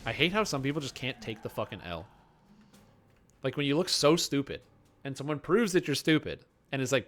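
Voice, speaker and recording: A man's voice: mid-range voice, lively intonation, fast talker, fairly bright tone. Sarcastic Canadian streamer man rambling. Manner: sarcastic, rambling, mocking quoted voices. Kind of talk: casual gaming stream chat.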